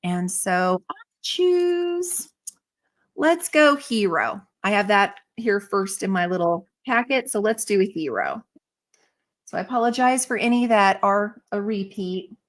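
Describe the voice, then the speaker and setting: A woman hosting a casual live stream, chatting brightly and reacting to viewer comments. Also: medium pitch, animated, normal speed. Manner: bubbly, reads viewer comments aloud. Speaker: livestream host.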